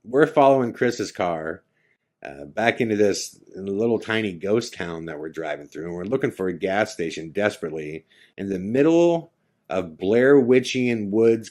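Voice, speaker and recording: A man hosting a podcast, telling a story casually and animatedly, acting out his friends' lines in quick quotes. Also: low-pitched, darkish tone. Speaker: podcast host.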